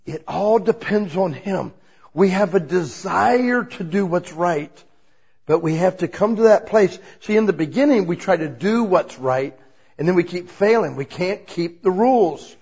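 Husky-voiced animated male preacher. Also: high-pitched, a little slow. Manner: animated, acts out prayers and God's replies in shifting tones. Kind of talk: sermon. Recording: dull lo-fi recording.

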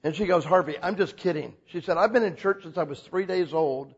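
A man preaching a sermon as a pastor, telling stories with lively acted-out quotes. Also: fairly quick, breathy edge, dull audio. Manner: animated storytelling, acts out quotes with big pitch jumps.

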